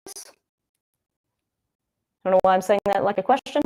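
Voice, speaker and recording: A young woman talks her way through a live football broadcast. She rambles and thinks out loud and keeps circling back to the action on screen. She sounds like a casual livestream host. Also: medium pitch, moderate pace. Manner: chatty and rambling, thinking aloud. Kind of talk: casual live game commentary.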